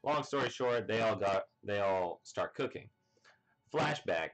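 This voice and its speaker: Excitable man recapping a comic chapter, lowish voice. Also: normal speed, soft background music. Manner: rambling, full of "you know" and "like" fillers; excited, acts out characters' lines. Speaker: manga reviewer.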